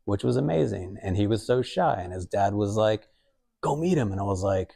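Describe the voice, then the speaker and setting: This young man is an artist chatting in a museum gallery, his fairly low voice creaky yet mellow and his pace fairly quick. His casual talk wanders, packed with fillers and asides in quotes.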